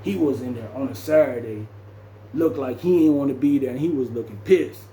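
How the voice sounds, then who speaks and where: A man's voice: mid-range voice, fairly quick, echoey room, a little hiss or hum, poor audio. A man casually telling a story about his past, acting out what people said and punching it up with sound effects. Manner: animated, acts out quotes and sound effects. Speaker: storyteller recounting his jail time.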